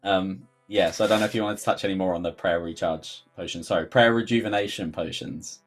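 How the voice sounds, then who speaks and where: A man's voice: deep voice, fairly even intonation, a little fast, faint music behind. A man with a London accent hosting a livestream Q&A, chatty and rambling, full of fillers and sudden jokey outbursts. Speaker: game developer host. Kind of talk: livestream Q&A chat.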